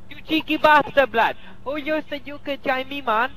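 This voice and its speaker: Angry guy on game voice chat, high jumpy voice, crowd noise behind. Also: moderate pace, rough recording. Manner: angry, insulting. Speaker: online game player.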